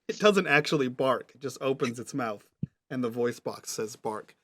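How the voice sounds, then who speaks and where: A man's voice: medium pitch, sing-song, takes it slowly, a bit bright. A man narrating a tabletop game as game master, describing scenes patiently and checking what the players mean.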